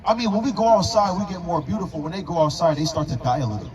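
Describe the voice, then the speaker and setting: High-voiced man preaching hard outdoors. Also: fast, low-quality recording. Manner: forceful, rhetorical questioning, emphatic. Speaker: street preacher. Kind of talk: street preaching. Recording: crowd noise around.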